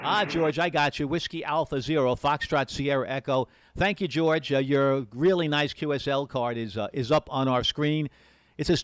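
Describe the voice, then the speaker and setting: A man at a desk mic hosts a live-streamed amateur radio event. His voice is smooth and resonant at a middle pitch. He talks earnestly and rambles, doubling back over his words, and the sound is dry and close. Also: normal speed, dry recording. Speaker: amateur radio special event station host. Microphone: desk mic with push to talk.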